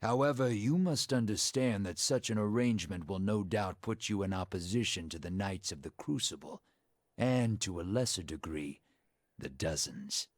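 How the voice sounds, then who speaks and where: An actor playing a stern, scarred male noble lord in a video game, speaking in a measured, formal, authoritative way. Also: low voice, no room sound. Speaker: game character. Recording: dry studio voice with game music.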